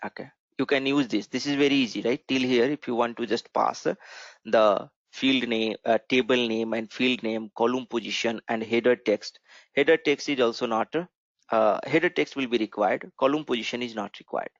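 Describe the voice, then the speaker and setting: A programming instructor with a steady, mid-range voice speaks at a moderate pace, explaining code in a screen-share tutorial and frequently checking in with "right?". There's no echo, and the mic sounds dull and lo-fi.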